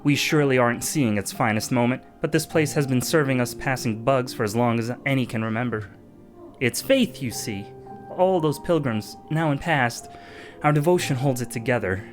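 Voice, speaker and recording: Guy reading a pious old-world bug keeping a camp, earnest, kinda lively lines. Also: mid-range voice, normal speed, faint music behind, lightly acted.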